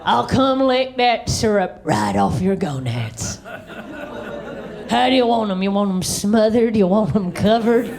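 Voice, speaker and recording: A woman voicing a crude, one-toothed diner waitress who drawls slowly through cackling laughs. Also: medium pitch, animated, vocal fry, over music, crowd noise. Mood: leering.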